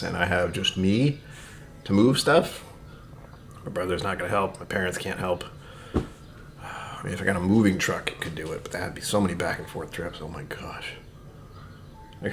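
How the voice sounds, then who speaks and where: Deep-voiced man musing over whiskey. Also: fairly bright tone, a little hiss or hum. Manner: rambling, muttering asides, dropping to near-whispers. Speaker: whiskey-tasting streamer. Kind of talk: casual livestream chat.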